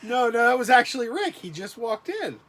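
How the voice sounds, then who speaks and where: A man's voice: very high-pitched, big pitch swings, moderate pace, a bit bright. A man co-hosting a casual livestream, joking and teasing his friend. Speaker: co-host guest.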